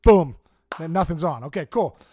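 A man's voice: a little high, expressive, normal speed, warm tone, a little hiss or hum, close to an everyday voice. A man voicing a stern middle-aged male baseball manager, explaining things step by step in a briefing tone. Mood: instructive.

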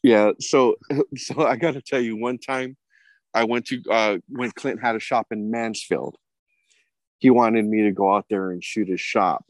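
A man's voice: fairly low pitch, steady tone, a little slow, no room sound. Profane, laughing man telling stories. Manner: profane, laughing, rambling anecdotes. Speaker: podcast host. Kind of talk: casual storytelling chat.

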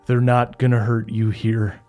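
A man's voice: medium pitch, level tone, a little slow, darkish tone, faint music behind, close to an everyday voice. A man voicing a weary older father bound to devils, speaking in a somber, resigned way.

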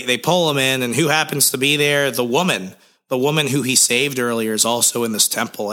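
A man's voice: medium pitch, bright, forceful tone. A young man co-hosting a podcast, recapping a comic in a rambling, jokey way with lots of fillers. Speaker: podcast co-host.

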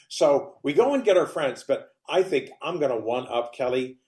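A man's voice: mid-range voice, sing-song, normal speed, hardly any pauses, a little mellow, echoey room. A man appearing as a guest on a chat show, talking expressively and often restarting his sentences. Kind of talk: casual chat.

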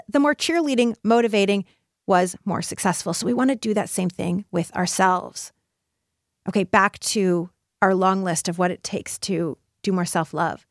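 A woman's voice: on the high side, normal speed, no room sound, studio quality. A woman hosting a solo podcast episode, talking in an earnest, encouraging way and acting out inner voices in quoted lines. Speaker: podcast host.

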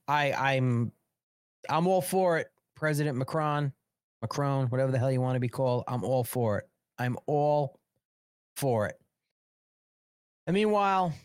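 A man's voice: mid-range voice, darkish tone. A man hosts a live talk show, fired up and repeating his points with a mid-range voice. His voice is close and dry, with no room echo. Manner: fired-up, repetitive. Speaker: host of a political talk show.

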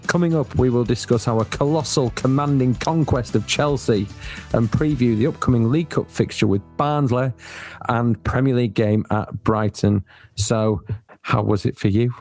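A man's voice: mid-range voice, moderate pace, a little mellow, faint music behind. A man hosting a casual football podcast, chatty, often restarting his sentences and firing off questions. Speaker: podcast host.

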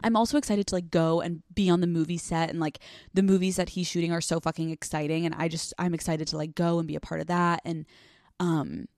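A young woman hosting a solo podcast, chatting casually and rambling fast with lots of filler words and swearing. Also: fairly low pitch, level tone, darkish tone, no room sound, clean studio sound. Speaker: podcast host. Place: hot small room, dry sound.

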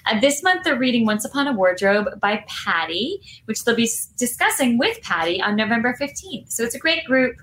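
A woman co-hosting an online book show over a video call, talking in an animated way with rambling fillers. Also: fairly high pitch, a little fast, few pauses, slight background noise, rough recording. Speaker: co-host. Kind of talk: casual chat.

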